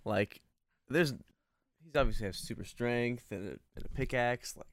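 A man's voice: mid-range voice, normal speed, fairly bright tone, dry recording, studio quality. A man chatting casually while watching a movie, easygoing and laughing often.

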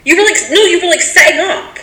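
Woman, twenties, bright sharp voice, roomy echo, sweary and frank. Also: very high voice, quick pace. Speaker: podcast co-host. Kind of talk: casual chat.

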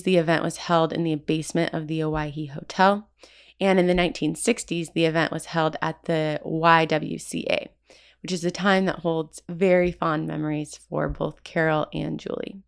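A woman hosts a local history podcast, reading from a script and now and then slipping in casual asides to her listeners. Her voice sits on the low side and carries a gravelly edge, yet it stays smooth and resonant. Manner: reads from a script with quotes and asides. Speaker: podcast host.

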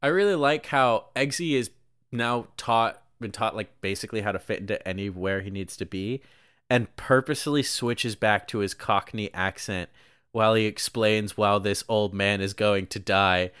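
A young man with a lowish, slightly bright, clean voice recaps a movie at a moderate pace, recorded in clean studio sound with no echo. As a podcast co-host, he rambles casually, leans heavily on "like," and acts out lines.

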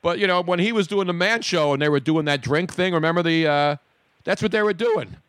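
A man's voice: a little high, fairly quick, fairly bright tone, clear, resonant tone, no echo, clean studio sound. A man hosting a talk show, telling stories in casual, opinionated banter. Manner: boisterous, opinionated storyteller. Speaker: radio show host.

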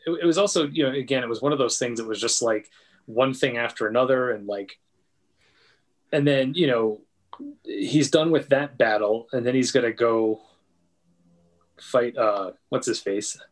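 A man's voice: medium pitch, moderate pace, long pauses. A man chatting casually about a TV episode, rambling through many fillers and swearing casually.

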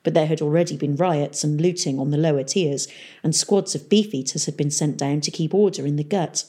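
A woman narrating an audiobook in a steady storytelling manner. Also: sits low, brisk, breathy edge. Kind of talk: audiobook reading.

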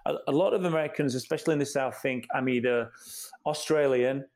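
A middle-aged man with a Yorkshire accent softened by years in America, talking as an interview guest in a thoughtful way, with many restarts. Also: mid-range voice, brisk. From Yorkshire, England. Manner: thoughtful, many restarts and "you know" fillers. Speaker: interview guest, company co-founder. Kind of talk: casual conversational interview.

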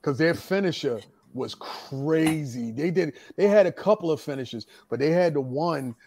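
A man telling wrestling stories in casual chat, animated, acting out what others said. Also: a little high, normal speed, vocal fry. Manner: animated, acts out quotes, laughs often.

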